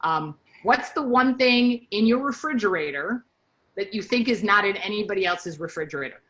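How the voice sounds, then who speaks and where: A middle-aged woman gives a casual training talk to her sales team, chatty and animated, full of stories and asides. Her mid-range voice moves at a moderate pace, captured in a low-quality recording.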